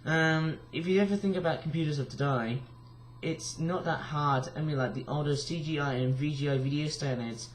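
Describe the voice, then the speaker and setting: A tired young man with a croaky voice, rambling casually through a vlog with lots of fillers and restarts. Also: a little high, brisk, slight background noise. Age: young adult. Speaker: vlogger.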